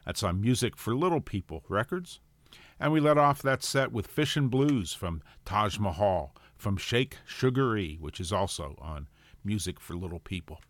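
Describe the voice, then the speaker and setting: A man's voice: on the low side, normal speed, no echo. Dry-voiced male radio host. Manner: plain, steady back-announcing. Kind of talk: announcing songs between sets.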